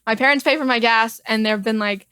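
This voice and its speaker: A woman's voice: fairly high pitch, brisk, pushed and bright, clear, resonant tone, dry recording. A woman in her twenties, a podcast guest, telling a story in casual chat with a candid, wry manner. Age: 20s. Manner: candid, wry, acts out quotes.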